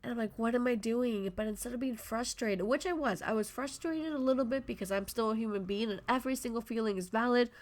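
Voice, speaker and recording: A woman's voice: a little high, quick pace, hardly any pauses. Passionate, rambling woman podcaster. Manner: effusive, passionate, rambling with self-interruptions. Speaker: podcast host. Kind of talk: motivational solo podcast talk.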